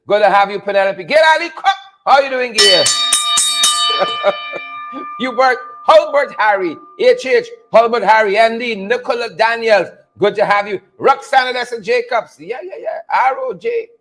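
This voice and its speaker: High-voiced man hyping a live stream. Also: moderate pace, background noise. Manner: energetic, hype, calls out viewer names. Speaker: livestream podcast host. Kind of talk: live stream greetings to viewers.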